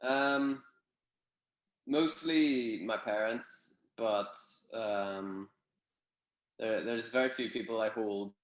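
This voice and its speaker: A young man from Northern Ireland with a Northern Irish accent, chatting in a relaxed, rambling way with many fillers on a video call. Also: on the low side, extremely slow, long pauses, reverberant, poor audio. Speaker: guest, gymnast. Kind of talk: casual interview over video call.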